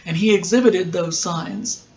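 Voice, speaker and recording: This is a podcast host recapping a TV episode in a loose, conversational way, drifting into asides and filling gaps with ums. The voice sits at an ordinary middle pitch. The recording is muffled and lo-fi, with a faint hiss underneath. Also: unhurried, a little mellow. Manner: chatty, digressive, with frequent ums and asides.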